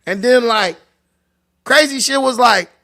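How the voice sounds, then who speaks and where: A livestream host from Long Beach, California tells loose, profane stories punctuated by laughter. His voice is very high-pitched, pushed and bright, and he speaks a little slowly.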